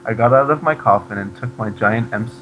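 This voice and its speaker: A man giving a comedic reading of a fan fiction, deadpan, breaking off to mock the text. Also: medium pitch, a little fast, phone-quality sound, slight background noise.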